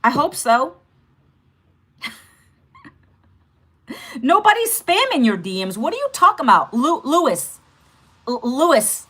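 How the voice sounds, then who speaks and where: With a bright, high, forceful voice, this American woman in her fifties hosts a livestream, chatting directly and casually with viewers. She peppers her talk with "okay" and "guys" to check in.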